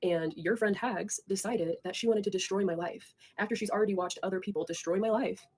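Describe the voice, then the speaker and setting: A woman's voice: mid-range voice, fairly quick, a little mellow, breathy edge. A young woman in a heated, profane, rambling rant, addressing her viewers directly and confronting people. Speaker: online creator talking to viewers.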